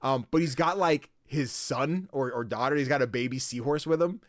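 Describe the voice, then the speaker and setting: Animated man acting out voices. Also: mid-range voice, moderate pace, dry recording, studio quality. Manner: animated, acts out voices, swears casually. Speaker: podcast host. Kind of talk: casual chat.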